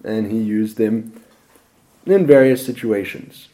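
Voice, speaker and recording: A man preaching a lively expository sermon with dramatic emphasis. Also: on the low side, takes it slowly.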